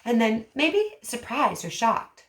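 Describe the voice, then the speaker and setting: A woman speech therapist explaining to parents in an animated, demonstrative way, acting out emotions as she teaches. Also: fairly high pitch, slow. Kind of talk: parent education vlog. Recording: roomy echo.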